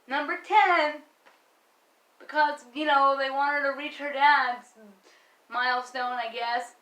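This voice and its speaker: A woman's voice: high-pitched, steady tone, unhurried, fairly bright tone, roomy sound, rough recording. A young woman giving an exasperated, emphatic, profane rant as a fan commentator. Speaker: wrestling vlogger.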